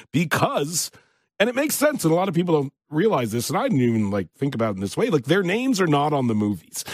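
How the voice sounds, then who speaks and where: A man recounting set stories in easy, casual conversation. His voice is a little husky, and his pitch rises and falls in a lively way. The sound is dry and close. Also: no echo. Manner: animated storytelling with frequent laughs. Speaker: show co-creator guest. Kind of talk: casual interview chat.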